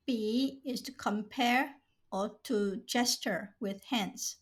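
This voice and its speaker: A woman slowly reading out vocabulary as a teacher, saying each word twice and then giving short meanings. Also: on the high side. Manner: slow, careful, says each word twice. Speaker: language teacher. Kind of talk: slow vocabulary drill, reading words and glosses.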